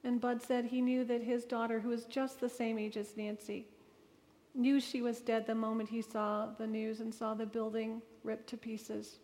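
A woman's voice: fairly high pitch, monotone, moderate pace, a little mellow. Earnest woman telling her story, echoing hall. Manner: earnest, emotional storytelling with vivid retold dialogue. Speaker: speaker addressing an audience. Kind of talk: personal testimony talk. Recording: long reverb of a large hall.

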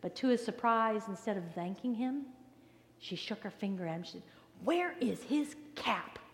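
A woman pastor giving a sermon, earnest and emphatic, sometimes dropping to a soft near-whisper. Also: medium pitch, brisk. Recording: long reverb of a large hall.

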